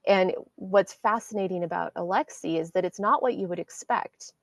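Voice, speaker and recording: Lower-voiced woman hosting a podcast. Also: moderate pace, vocal fry, dry recording. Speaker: podcast host. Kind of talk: casual interview talk.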